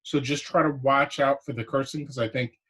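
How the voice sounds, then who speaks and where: A man's voice: medium pitch, steady tone, a little fast, fairly bright tone, husky. A man co-hosting a podcast who breaks in with short, polite reminders, heard from farther off the mic.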